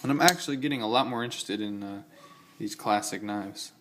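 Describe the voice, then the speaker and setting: Low-voiced man rambling about his knives. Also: fairly quick, background noise. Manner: rambling, self-correcting, enthusiastic asides. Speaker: knife collector showing his gear. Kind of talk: casual show-and-tell vlog.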